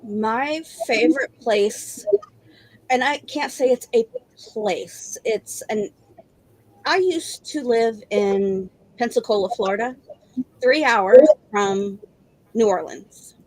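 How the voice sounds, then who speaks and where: Woman in her forties, slightly high voice, easy storyteller, casual podcast chat. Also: slow, low-quality recording. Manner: storytelling, laughs between remarks. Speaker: paranormal investigator, team founder.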